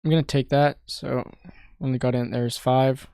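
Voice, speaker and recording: A man's voice: medium pitch, little pitch movement, moderate pace, vocal fry, mellow, clear, resonant tone, dry recording, studio quality. A young man from Canada streaming his day trading, thinking aloud and muttering in frustration, swearing now and then. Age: young adult. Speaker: day trader streaming live. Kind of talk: casual live-stream commentary.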